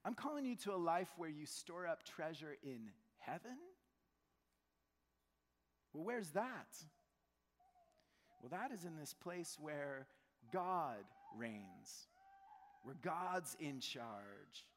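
A man's voice: a little high, slow, pauses often. Brief: male pastor, conversational sermon, acts out voices, big echoing church hall. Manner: conversational, animated, acts out quotes. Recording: long church hall reverb.

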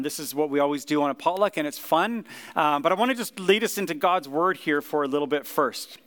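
A man giving a relaxed, conversational sermon as pastor, talking easily with plenty of fillers. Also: on the high side, clear, resonant tone. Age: 30s or older. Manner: relaxed, chatty, many fillers. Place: church service.

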